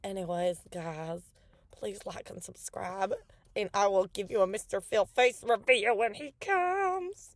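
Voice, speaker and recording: A young woman chatting casually to her phone camera from a car, giggly and excitable, laughing often. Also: mid-range voice, unhurried, no echo. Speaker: vlogger. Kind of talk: casual vlog chat. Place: inside a car.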